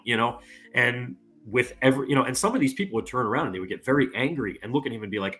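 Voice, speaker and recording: A man's voice: mid-range voice, fast, fairly bright tone. A man guest on a casual podcast, explaining at length and leaning on "you know" fillers.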